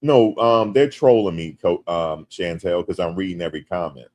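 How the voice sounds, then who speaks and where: A man from the United States hosting a casual livestream. He reads viewer comments aloud and jokes back, turning loud and animated when teased. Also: sits low, normal speed. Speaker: livestream host.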